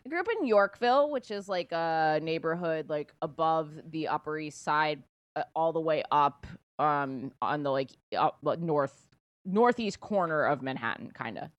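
A woman's voice: low-pitched, expressive, moderate pace, dry recording, highs cut off. A woman from New York with a New York accent, chatting as a guest in a wry, joking way. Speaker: guest comedian. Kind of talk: casual chat.

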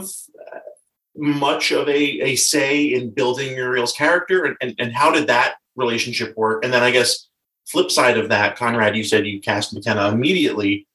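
A man asks interview questions over a video call. His tone is bright and forceful, but he sounds set back from the mic. He hesitates and restarts as he phrases his questions. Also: mid-range voice. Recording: distant video call audio.

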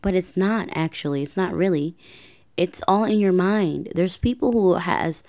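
A woman with a notably low voice hosts a personal podcast. She tells her story casually, rambling and restarting as she goes. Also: measured pace, mellow. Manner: rambling, self-correcting, chatty. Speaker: podcast host.

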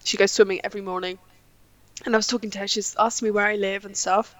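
A woman's voice: medium pitch, steady tone, fast, a bit bright. A woman from England co-hosting a casual chat podcast, chatty and laughing as she tells stories, on an echoey remote recording. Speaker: podcast co-host.

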